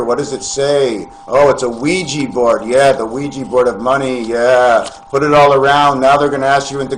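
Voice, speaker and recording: Speaking in a mid-range voice, a man vlogs a wandering spiritual sermon to camera, posing rhetorical questions and calling listeners his friends. The recording is low-quality, with a little hiss or hum.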